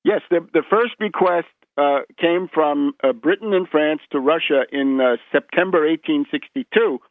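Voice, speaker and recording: A man with a fairly high voice is a radio interview guest, lecturing on history at a moderate pace, often restarting words and tagging points with "right?". He's on a phone, so the line sounds tinny, with no room sound.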